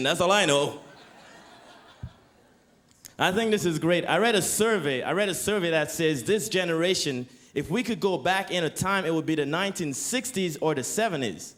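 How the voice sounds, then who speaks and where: A young man from Canada performing a stand-up comedy set, with deadpan setups and excited bursts on the punchlines. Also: on the high side, normal speed.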